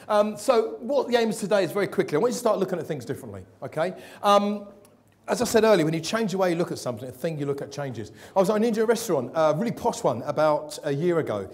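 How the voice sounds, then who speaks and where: A man's voice: a little high, darkish tone. A man giving a motivational keynote talk to a live audience, jokey and quizzing the crowd with questions. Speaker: keynote speaker. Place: event hall with an audience.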